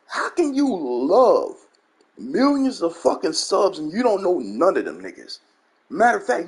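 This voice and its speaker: A man's voice: sits high, a little mellow, husky. A man hosting his gaming channel, ranting bluntly and profanely in a commentary monologue and repeating his catchphrases. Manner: blunt, profane, repeats "you know what I'm saying".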